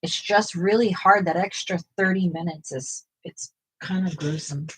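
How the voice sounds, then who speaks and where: A woman's voice: lowish voice, moderate pace, a little hiss or hum. A woman hosting a coloring livestream, chatting casually and talking to her viewers in the chat as she colors. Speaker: livestream host.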